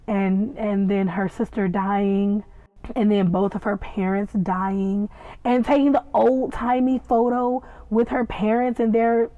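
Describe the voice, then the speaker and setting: A female podcast host with a slightly high voice gushes over a TV episode, recapping and reacting chattily with playful asides. The recording is dry with no room sound and has a tinny, phone-like quality.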